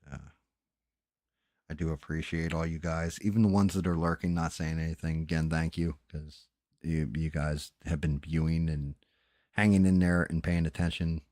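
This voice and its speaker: A man winds down his livestream late at night, his voice low and heavy. He rambles loosely and swears freely. The sound is dry and close, with no room in it. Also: steady tone, normal speed, a little mellow, dry recording. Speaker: livestream host.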